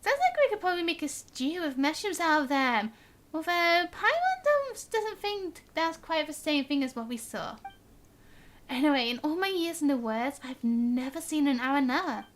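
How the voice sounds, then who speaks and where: A young woman streaming a game, reading its dialogue aloud and chatting, bubbly and quick to laugh at her own slips. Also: high voice, big pitch swings, a bit bright. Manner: chatty, bubbly, stumbles on words and laughs at herself. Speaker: gaming streamer. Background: game music.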